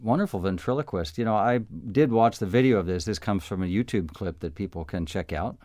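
A man's voice: lowish voice, a little fast, darkish tone, dry recording, clean studio sound. A man hosting a radio talk show, chatting casually and rambling with many fillers. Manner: rambling, with frequent fillers and restarts. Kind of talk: casual on-air interview.

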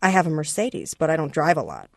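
A reader voicing a warm, proud immigrant man who owns a donut shop, hospitable and gently teasing. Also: mid-range voice, wildly swooping pitch, fast talker, no room sound, clean studio sound. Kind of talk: reading a novel aloud.

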